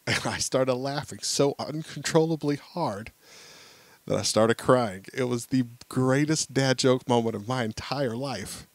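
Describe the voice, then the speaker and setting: A man's voice: mid-range voice, measured pace, dry recording. A man in his thirties co-hosting a podcast, telling a family story and acting out the voices. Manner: animated storyteller acting out quotes. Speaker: podcast co-host. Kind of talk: casual chat, storytelling.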